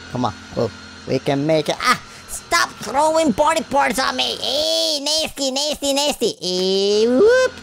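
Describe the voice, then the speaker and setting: A woman's voice: on the low side, slight background noise. A woman from Sweden hosting a gaming channel, giving playful Let's Play commentary full of silly rhymes and sing-song wordplay.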